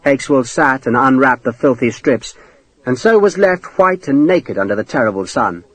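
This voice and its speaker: A man narrating an audiobook in a dramatic, expressive reading style. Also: medium pitch, normal speed, low-quality recording. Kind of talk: scripted narration.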